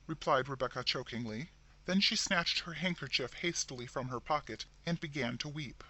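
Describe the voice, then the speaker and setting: A man narrating a scripted horror story in a dramatic, expressive reading. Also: mid-range voice, normal speed.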